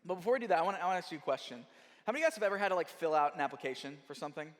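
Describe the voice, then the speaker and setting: A young adult man giving a sermon as guest speaker, telling a story in a lively way and acting out the people in it. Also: on the high side, very fast. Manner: animated storytelling with quoted voices. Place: church hall. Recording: church hall with long reverb.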